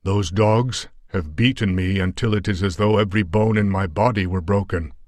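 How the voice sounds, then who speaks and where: A man voicing a battered, pious Afghan warrior who croaks and talks in archaic oaths, in an audiobook reading. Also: deep voice, normal speed, darkish tone, no echo, close to an everyday voice. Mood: earnest. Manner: archaic, oath-laden speech. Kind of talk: audiobook character voice.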